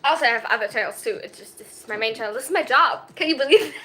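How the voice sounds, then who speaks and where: A woman in her twenties from Germany, chatting casually on a livestream over her phone, excitable and giggly with rambling self-mocking jokes. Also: fairly high pitch, fast. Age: 20s. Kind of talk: casual chat.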